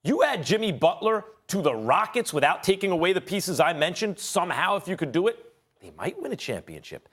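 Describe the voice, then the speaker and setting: A man's voice: sits high, big pitch swings, a little fast, fairly bright tone. A man debating basketball on a sports show, analytical and stammering as he works through his reasoning.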